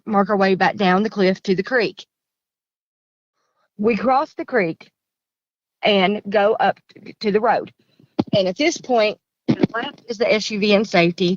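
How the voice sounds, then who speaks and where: A woman's voice: medium pitch, fairly bright tone, dry recording. Caller: Kentucky woman, earnest, rambling, muffled dry line. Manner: earnest, rambling, repeats herself. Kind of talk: casual storytelling.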